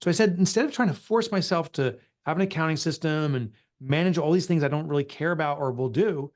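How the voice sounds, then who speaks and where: A man's voice: fairly high pitch, fast. Earnest middle-aged man telling his story. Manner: earnest, emotional, confessional. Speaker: author and guest. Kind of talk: candid storytelling interview.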